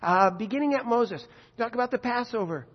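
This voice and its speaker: With a very high, husky voice, a male preacher moves briskly and animatedly through a scripture story, delivering it conversationally with vivid asides and rhetorical questions. The recording is dull, lo-fi and echoey, as if made in a hall.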